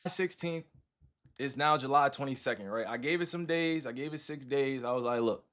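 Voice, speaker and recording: A man's voice: mid-range voice, brisk, fairly bright tone, soft background music. Man chatting loosely with his stream viewers. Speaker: livestreamer. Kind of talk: casual livestream chat with viewers.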